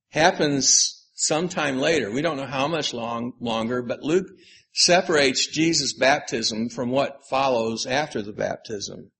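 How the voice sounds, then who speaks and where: Gravelly-voiced man preaching a sermon. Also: mid-range voice, fairly bright tone. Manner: measured, earnest, slows for emphasis. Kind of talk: sermon on scripture.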